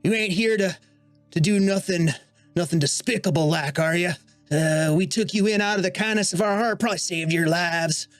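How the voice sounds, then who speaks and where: Man doing a stout little gnome man, suspicious, stammering rural drawl, slightly raised pitch. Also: normal speed, no room sound, faint music behind, lightly acted. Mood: wary.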